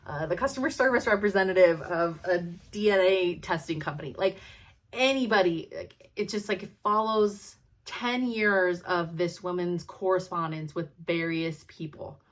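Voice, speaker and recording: A woman's voice: lowish voice, normal speed. A young adult woman chatting casually to camera, gushing with frequent fillers and laughs mixed into her speech. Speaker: cross-stitch vlogger.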